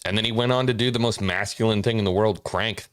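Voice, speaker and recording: A man's voice: fairly low pitch, fast talker, clear, resonant tone, dry recording, studio quality. A man co-hosting a casual livestream, adding jokey, enthusiastic remarks. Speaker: co-host.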